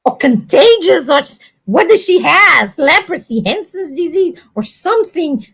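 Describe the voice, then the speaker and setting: A woman with a high voice, chatting casually on a livestream. She tells lively stories, acts out bits of dialogue and laughs often. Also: unhurried, gravelly. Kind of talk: casual chat.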